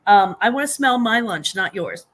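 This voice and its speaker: A woman's voice: medium pitch, expressive, moderate pace, fairly bright tone. An older woman from the United States, chatting casually as a guest and slipping into mocking voices. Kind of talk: casual chat.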